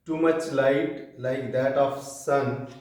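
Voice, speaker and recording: A man with an Indian English accent teaching a class lecture, reading slowly from a textbook with pauses and fillers. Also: mid-range voice, fairly even intonation, darkish tone. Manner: slow, reads aloud from a textbook with pauses and fillers. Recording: echoey room from far off.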